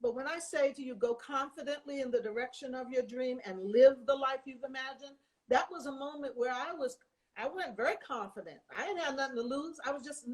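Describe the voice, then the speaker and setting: An older woman, a lively storyteller who slips into the voices of the people she quotes. Her voice sits a little high. She talks in an easy, conversational way. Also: brisk. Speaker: guest. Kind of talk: storytelling in casual chat.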